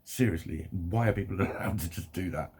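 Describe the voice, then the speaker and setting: A man's voice: low-pitched, fairly quick, darkish tone, breathy edge. A young man ranting to camera in a sweary, rambling, heated way. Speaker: vlogger.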